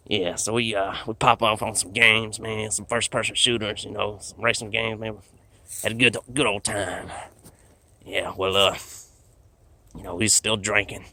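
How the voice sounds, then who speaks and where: A man's voice: on the low side, steady tone, moderate pace, gravelly, sharp tone. A man telling a rambling comedic story in a laid-back drawl, full of fillers.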